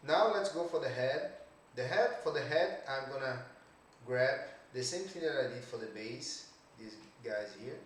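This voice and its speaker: A man giving a casual 3D art tutorial, thinking aloud slowly with many "okay"s and trailing phrases. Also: medium pitch, expressive. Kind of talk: casual screen-recorded tutorial. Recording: echoey room, distant mic, faint hiss.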